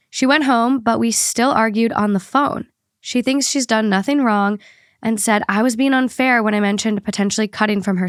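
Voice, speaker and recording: A woman's voice: fairly high pitch, no echo. Young woman podcast host, casual and chatty, close dry mic. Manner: chatty, reads posts aloud steadily. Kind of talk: casual podcast chat and story reading.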